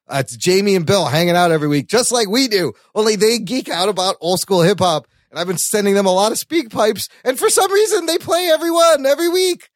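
A man co-hosts a casual podcast in a noticeably high voice. He talks in a chatty, animated way, laughing often and swearing casually. The recording is close and dry, with no room sound. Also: fast talker, few pauses, dry recording. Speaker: podcast co-host.

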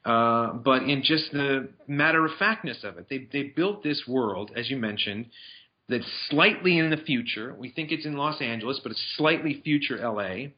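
A man's voice: mid-range voice, lively intonation, normal speed. A man talking casually about films he has seen, rambling with restarts and fillers. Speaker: film reviewer. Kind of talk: casual movie review chat. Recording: dull lo-fi sound.

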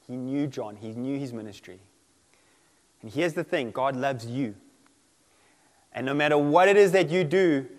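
A male preacher delivers a sermon, animated and quick to act out the voices he quotes. His voice sits fairly high, and it rings out with the long reverb of a large hall. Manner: animated, acts out quoted voices, laughs often.

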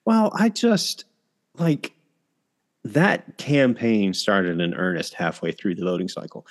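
A low-pitched man hosting a podcast. He rambles and trips over himself, breaking into laughter as he goes. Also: takes it slowly. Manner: rambling, self-interrupting, laughs often. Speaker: podcast host. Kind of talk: casual podcast chat.

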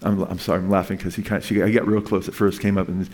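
A man's voice: deep voice, little pitch movement, very fast, a little mellow. A man preaching a sermon in an earnest, rambling way, with frequent restarts and asides to his listeners. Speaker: pastor.

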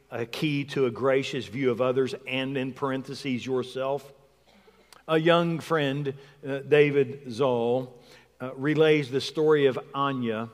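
A man delivers a sermon in an unhurried, thoughtful manner, stressing words by repeating them. His voice sits a little above the usual male pitch. A long reverb trails his words, as from a large hall. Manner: reflective, conversational, repeats words for emphasis. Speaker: preacher.

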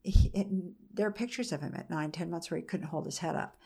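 A middle-aged woman with a fairly low, creaky, warm and slightly rough voice speaks fast. Interviewed as the mother of an autistic son, she recounts a personal story frankly and conversationally.

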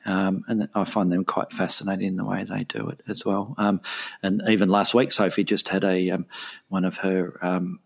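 A middle-aged man with a very low, gravelly, husky voice talks in a relaxed, casual podcast chat. He hesitates often, filling gaps with ums and restarting his sentences. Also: moderate pace. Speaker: podcast co-host.

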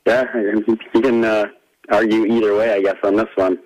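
A man co-hosting a casual show who also edits its clips, speaking in an easygoing, measured way. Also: on the low side, little pitch movement, darkish tone, a little hiss or hum, low-quality recording. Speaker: show co-host and producer. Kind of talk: casual chat.

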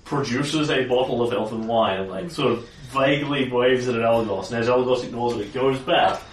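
A man's voice: medium pitch, brisk, roomy sound, far from the mic, slight background noise, poor audio. A man running a tabletop game as game master, narrating the scene in a loose, descriptive way.

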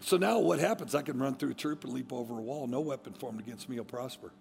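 Fervent pastor with a gravelly voice. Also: male voice, fast talker, long reverb tail, faint music behind. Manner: swings from low, quiet asides to loud shouted declarations; fervent, emphatic preaching with repeated restarts. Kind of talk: sermon.

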